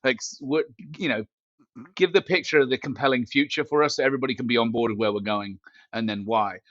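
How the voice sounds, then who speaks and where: A man's voice: medium pitch, fast talker, fairly bright tone, no echo, muffled recording. A man talking as a company CEO guest in a casual interview chat, joking and self-mocking as he rambles with fillers, recorded through a headset mic built into his glasses. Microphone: glasses-frame headset mic.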